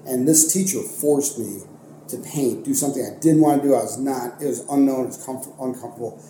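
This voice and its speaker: A man's voice: mid-range voice, brisk. A young man from Ohio, an art teacher and coach, telling stories in a casual podcast interview, rambling with many fillers and restarts. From Ohio, United States. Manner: rambling, animated, many fillers and self-corrections. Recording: echoey room with faint noise.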